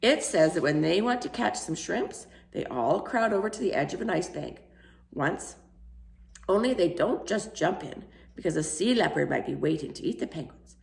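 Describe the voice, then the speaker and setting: Eager dreamy dad figure in a storybook reading, gravelly and lively, voiced by a woman, roomy sound. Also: fairly low pitch, moderate pace. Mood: explaining. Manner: eager, wondering. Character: enthusiastic dreamy middle-aged house painter. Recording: roomy echo.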